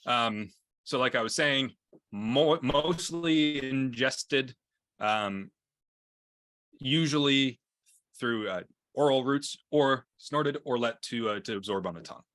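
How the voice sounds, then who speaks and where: A man's voice: medium pitch, slow, fairly bright tone, no room sound. A man teaching an EMT class over a video call, talking casually with many fillers and restarts as he mixes lecture and stories. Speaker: EMT instructor. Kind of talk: lecture with anecdotes.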